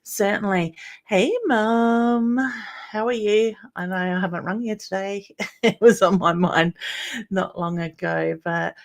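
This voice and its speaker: An Australian woman hosts a live stream in an unhurried, meandering way, greeting viewers one by one and calling them honey. Her voice sits a little low, and she fills gaps with ums and uhs. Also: creaky. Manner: rambling, with many ums and uhs. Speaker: psychic medium hosting a weekly live stream. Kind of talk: live-stream chat, reading viewer comments aloud.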